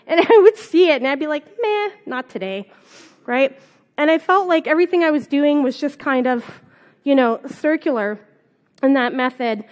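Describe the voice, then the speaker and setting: A young woman from Canada gives a conference talk while fighting a cold. Her voice sits high, and she rambles casually with plenty of ums and asides. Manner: casual, rambling storytelling with fillers. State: has a cold, on cold medicine. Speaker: conference speaker. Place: conference hall.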